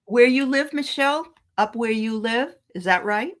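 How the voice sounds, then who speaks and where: A middle-aged woman hosting a casual livestream chat, chatty and quick to laugh. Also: a little high.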